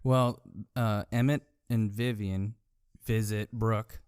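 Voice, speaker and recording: Mellow-voiced man, podcast co-host. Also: lowish voice, steady tone, slow pace, clear, resonant tone, no room sound, studio quality. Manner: chimes in with short quips and acted quotes. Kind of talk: casual movie recap chat.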